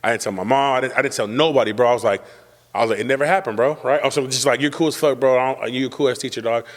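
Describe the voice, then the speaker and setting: A man's voice: medium pitch, racing, in a large hall. A young man hosting a casual chat, telling a boastful, profane, slang-heavy story. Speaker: podcast host telling a story.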